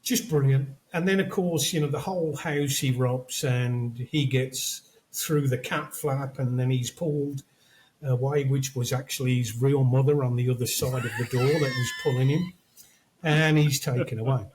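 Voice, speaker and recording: A man's voice: mid-range voice, fairly even intonation, normal speed, a little mellow, rough recording. Oudere man die films navertelt. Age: older. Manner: storytelling, acts out quotes from films. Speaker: podcast co-host. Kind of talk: casual chat.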